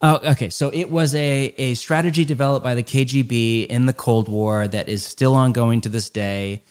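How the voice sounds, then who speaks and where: A middle-aged man, a guest author in a podcast interview, explaining ideas earnestly and stacking them in quick lists. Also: mid-range voice, fairly even intonation, a little mellow, clear, resonant tone.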